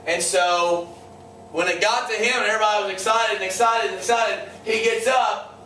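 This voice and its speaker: A male history teacher lectures his class, cracking jokes, being sarcastic, and frequently quizzing his students. Captured by a distant room mic in an echoey classroom with slight background noise, his voice is high-pitched, bright, and forceful, with a steady tone at a moderate pace.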